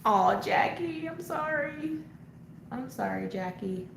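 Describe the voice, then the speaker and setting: A woman's voice: sits high, lively intonation, slow pace, vocal fry. A woman hosting a casual live coloring chat, answering viewer comments as she works and laughing often. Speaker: coloring channel host. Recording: echoey room, faint background noise.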